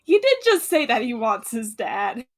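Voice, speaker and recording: A woman's voice: a little high, big pitch swings, moderate pace, a little mellow. A woman playing a tabletop game, describing her character's feelings with lots of "like" and "you know". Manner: explains her character's feelings with many fillers. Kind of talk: casual tabletop play chat.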